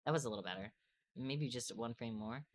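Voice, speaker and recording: A woman's voice: extremely low pitch, brisk, soft background music. A young adult woman from the United States, chatting casually and laughing often while co-hosting an art stream. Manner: laughs often, playful teasing. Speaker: co-host streamer. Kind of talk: casual chat while drawing.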